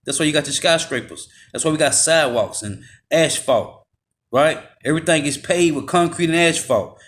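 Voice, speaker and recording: A man preaching a forceful, confrontational sermon, slowing down to read scripture aloud and dropping his voice on tag words. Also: fairly high pitch. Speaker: street preacher. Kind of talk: fiery street sermon with scripture reading.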